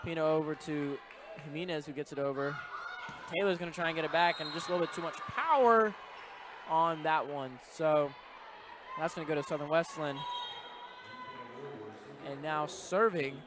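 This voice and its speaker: A young man giving brisk, conversational play-by-play commentary of a live volleyball match from inside a college gym. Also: on the high side. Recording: noisy gym broadcast audio. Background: gym noise with bouncing balls.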